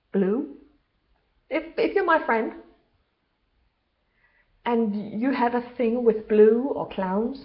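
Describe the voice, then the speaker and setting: A woman speaking in a casual monologue as a self-described healer, earnest and halting, often pausing to search for words. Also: on the high side. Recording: slightly dull lo-fi recording.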